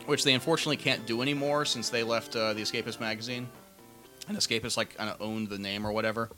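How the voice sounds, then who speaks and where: Quick and fairly even in intonation, this podcast co-host's mid-range voice sounds pushed and bright over soft background music. Chatting casually, he rambles through stories, frequently stammering and starting over.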